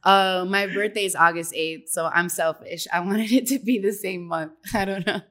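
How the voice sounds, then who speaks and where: A young woman guest in a casual interview, chatty and upbeat, laughing often and filling pauses with "um" and "like". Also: mid-range voice, a bit bright. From Dominican heritage. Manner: chatty, laughs often, many fillers and restarts.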